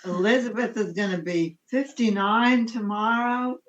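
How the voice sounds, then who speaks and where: A woman's voice: medium pitch, unhurried, muffled recording. A woman guest chatting casually, talkative and a little exasperated. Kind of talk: casual chat.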